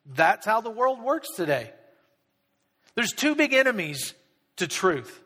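Male pastor, bright forceful tone, conversational sermon with quick character asides, long hall reverb. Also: very high-pitched, very animated. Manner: conversational, acts out people's voices in quick asides.

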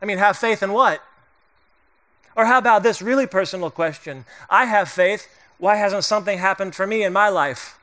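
A middle-aged male pastor preaches a sermon in a loose, conversational way, joking with the congregation and acting out the voices of the people in the story. His voice sits high and sounds bright and forward.

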